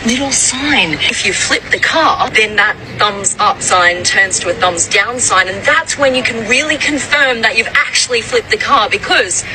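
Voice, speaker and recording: Deadpan woman explaining with mock seriousness. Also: a little high, normal speed, few pauses, far from the mic, noisy background. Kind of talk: comedic explainer clip.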